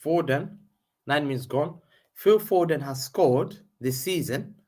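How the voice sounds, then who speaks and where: Excitable husky man calling football live. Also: a little high, a little slow. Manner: excitable, slangy, repeats phrases, jumps between play-by-play and chat. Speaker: fan host of a live match watchalong.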